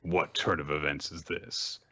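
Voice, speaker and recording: Guy doing a manga recap, loose and animated, kinda lo-fi sound. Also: a bass voice, measured pace, noisy background. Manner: animated, jumps into silly character voices for quotes. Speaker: podcast host recapping manga. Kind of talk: casual chat, summarizing with voiced quotes.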